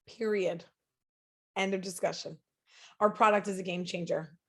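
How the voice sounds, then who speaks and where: A woman's voice: lowish voice, steady tone, normal speed. A woman speaking as a podcast guest, telling a story in an earnest, emphatic, motivational way. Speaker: podcast guest, sales leader.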